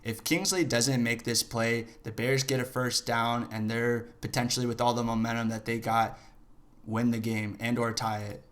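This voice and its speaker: A man analyzing game film in a casual, profane way who flares into loud angry rants. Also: mid-range voice, fairly even intonation, normal speed. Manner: profane, shifts into shouting rants. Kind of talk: casual film breakdown commentary.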